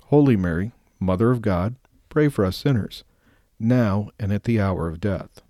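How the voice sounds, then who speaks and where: A man with a low, mellow voice leads a rosary, alternating short scripture readings with repeated prayers. His delivery is steady and measured, and the sound is dry and close. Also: no echo. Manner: steady, measured devotional recitation. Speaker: prayer leader.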